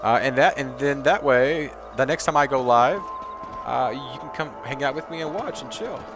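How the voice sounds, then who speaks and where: A man's voice: mid-range voice, moderate pace, music in the background. A man streaming a video game, chatting casually to viewers with lots of fillers and restarts. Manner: rambling, lots of fillers and restarts, laughs easily. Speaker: live streamer. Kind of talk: casual gameplay commentary.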